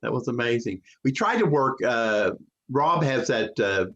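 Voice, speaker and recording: Lively man hosting over muffled audio. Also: medium pitch. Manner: halting, full of uh fillers, animated. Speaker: host of a cast talkback. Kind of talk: casual video call chat. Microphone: video call. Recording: muffled lo-fi video call audio.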